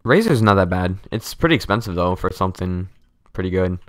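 A man's voice: sits low, animated, fairly quick, a bit bright, no room sound. A young man hosting a casual gaming chat with a friend, laid-back and joking, laughing often. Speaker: channel host, gamer.

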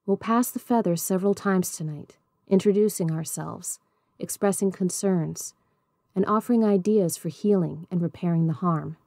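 A woman voicing a patient woman circle keeper in a storybook reading, measured and gentle. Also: on the low side, dry recording, clean studio sound. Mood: calm.

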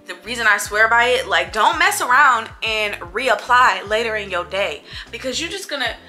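Young woman vlogger, bright and playful, casual chat to camera. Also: on the high side, expressive, normal speed. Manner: chatty, playful, talks to viewers as girls. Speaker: beauty vlogger. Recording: faint music behind.

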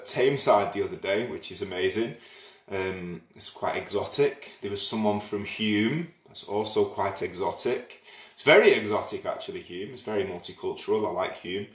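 A man hosting an online dance party, chatty and playful as he greets viewers by name. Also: medium pitch. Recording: roomy sound, away from the mic.

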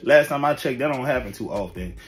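A man's voice: mid-range voice, lively intonation, fairly quick. A man hosting a reaction video, giving blunt, slangy, emphatic commentary. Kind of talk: casual commentary.

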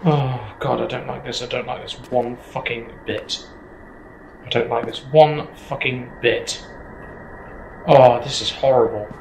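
A man's voice: medium pitch, fairly even intonation, unhurried, creaky, a little mellow, reverberant, a little hiss or hum, low-quality recording. A man commentating a horror game, jittery, swearing and repeating himself. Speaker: gameplay streamer.

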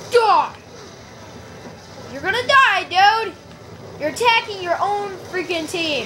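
A very high, lively-voiced woman calls out play-by-play as she games, slow to get her words out but quick to yell and squeal when things go wrong. Loud game noise and vehicles rumble under her voice. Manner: excitable, yells and squeals at the game. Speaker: gameplay video maker. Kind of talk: live gameplay commentary. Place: at home playing a video game.

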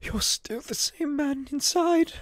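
A man's voice: very high voice, slow pace, slight background noise, pitched above the performer's own voice. A man voicing a loyal, devoted elderly male butler who stammers and pleads, in a comic recap. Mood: pleading. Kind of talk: comedic comic recap voice acting.

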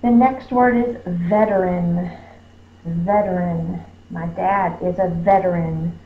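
A woman with a lowish voice walks through a spelling lesson, sounding out each word syllable by syllable at a very unhurried pace. The recording is roomy and a little dull, with a faint hum behind her. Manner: sounds words out slowly, stretching syllables. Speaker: teacher. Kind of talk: slow phonics lesson.

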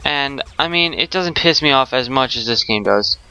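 A man's voice: mid-range voice, lively intonation, moderate pace, bright, forceful tone, smooth, faint music behind. A young man giving rage gameplay commentary, swearing constantly with exasperated outbursts. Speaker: gaming YouTuber.

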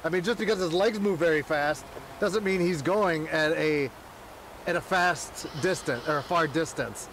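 A man's voice: fairly high pitch, normal speed, fairly bright tone, slight background noise. A man streaming a game, chatting casually with friends, rowdy, joking and swearing a lot. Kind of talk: casual live-stream chat.

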